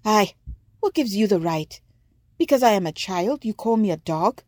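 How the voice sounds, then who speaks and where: A woman's voice: lowish voice, animated, moderate pace, dark tone, slightly rough, no echo, studio quality. A woman voicing a bold, hot-tempered young girl who talks back indignantly. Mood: defiant. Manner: defiant, indignant.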